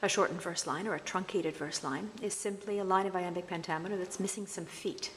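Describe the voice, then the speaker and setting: A woman lecturing on verse meter, explaining patiently and reading quoted lines slowly. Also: lowish voice, steady tone, fairly bright tone, in a large hall, a little hiss or hum, poor audio. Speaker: literature lecturer.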